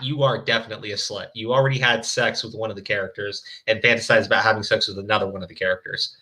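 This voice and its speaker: A man's voice: on the low side, brisk, sharp tone. A man hosting a stream, reading fan fiction aloud with mocking, profane commentary. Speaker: stream host.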